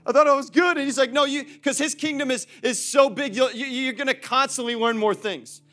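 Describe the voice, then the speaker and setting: Man, pastor, sermon, high voice, energetic, repetitive phrasing, faint music behind. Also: a little fast. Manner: energetic, repetitive, laughs often. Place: church auditorium.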